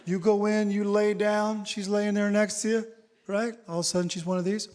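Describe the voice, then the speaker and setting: High-voiced male stand-up comic. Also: moderate pace. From Newfoundland, Canada. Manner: animated storytelling, addressing the crowd. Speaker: stand-up comedian. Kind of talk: stand-up comedy. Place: theater stage before a live audience. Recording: theater reverb, audience noise.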